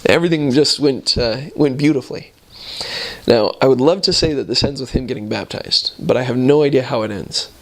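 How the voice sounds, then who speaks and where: A man's voice: medium pitch, brisk. A man in his thirties, a returned missionary, telling stories from his mission and acting out the voices of the people in them. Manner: animated, acts out voices in his anecdotes. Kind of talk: storytelling talk.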